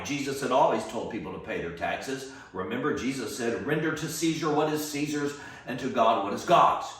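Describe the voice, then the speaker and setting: A male pastor delivers a measured, explanatory Bible teaching sermon, now and then acting out the lines he quotes. His voice sits at an ordinary middle pitch and is heard from some distance. The sound carries heavy echo from the room. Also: a bit bright.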